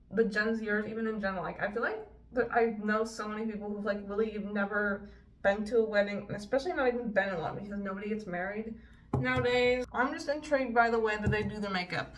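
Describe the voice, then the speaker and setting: Chatty swearing woman in her 20s doing makeup, bright higher voice, kinda far from the mic. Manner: chatty, profane, storytelling. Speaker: beauty vlogger. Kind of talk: casual chat while doing makeup. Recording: voice a bit distant from the mic.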